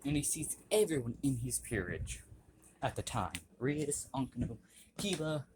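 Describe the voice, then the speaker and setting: A young man casually retelling a fan story, halting with restarts and frequent throat clearing. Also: medium pitch, big pitch swings, darkish tone. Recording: noisy home recording.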